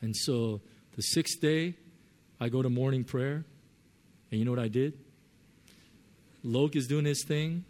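A man preaching a sermon, telling a personal story with lively swings between loud and soft earnest tones. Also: mid-range voice, a little slow, pauses often. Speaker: pastor.

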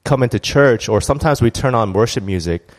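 A man's voice: medium pitch, animated, a little fast. A man preaching a conversational sermon, candid and storytelling, with frequent restarts and asides. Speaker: church speaker.

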